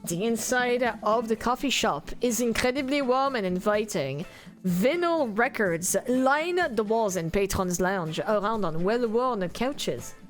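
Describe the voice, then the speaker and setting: A woman streamer reading a dating-sim video game aloud, playful and animated, chatting with her viewers. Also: a little high.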